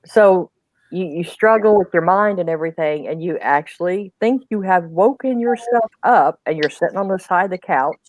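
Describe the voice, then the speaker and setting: A woman's voice: lowish voice, moderate pace, a little mellow, slight background noise. A woman on a panel talking casually. She describes things earnestly and often repeats words. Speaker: panel guest. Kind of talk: casual chat. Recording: dull dry sound.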